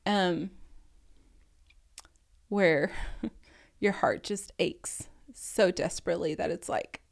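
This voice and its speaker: A woman's voice: lowish voice, slow, vocal fry. A woman in her thirties, a podcast co-host, sharing a painful personal story in a tearful, scattered way, often laughing through the tears. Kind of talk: emotional personal testimony.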